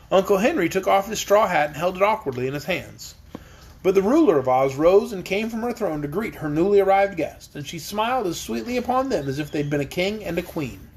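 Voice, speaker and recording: A man narrating a children's storybook in an expressive reading voice. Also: fairly high pitch, a little hiss or hum. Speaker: audiobook reader.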